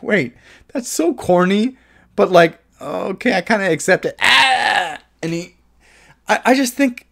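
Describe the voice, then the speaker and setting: A man talking through a movie review in a relaxed, unscripted way. He is opinionated and excitable, and his middle-pitched voice jumps higher whenever he gets emphatic. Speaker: film reviewer. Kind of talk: casual spoken movie review.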